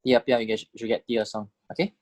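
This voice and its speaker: A man giving a lecture on tones, explaining step by step, checking in with the class and saying sample syllables aloud in swooping pitches. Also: level tone, rapid-fire, no echo. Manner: explanatory, checks in with "right?" and "correct?". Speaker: language teacher.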